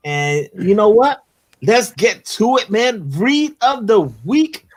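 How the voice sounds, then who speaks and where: Man, laid-back, relaxed host, casual live-stream chat. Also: sits high, takes it slowly. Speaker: comic book show host.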